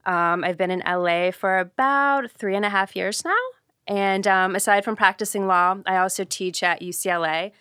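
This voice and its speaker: A woman lawyer from Ohio, a podcast guest, answering questions in a measured, composed way. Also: medium pitch, sharp tone, clear, resonant tone, no room sound, studio quality. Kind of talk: interview answers.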